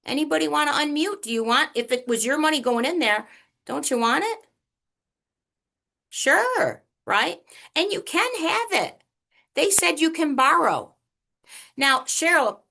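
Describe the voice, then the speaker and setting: A woman presenting a money workshop over a video call, chatty and animated, teasing the audience with questions. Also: high voice, creaky. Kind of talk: online workshop lecture.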